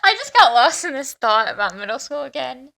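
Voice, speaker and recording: A young adult woman co-hosting a podcast, telling an animated story in casual chat with lots of "like". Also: high voice, fairly quick, vocal fry. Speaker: podcast co-host.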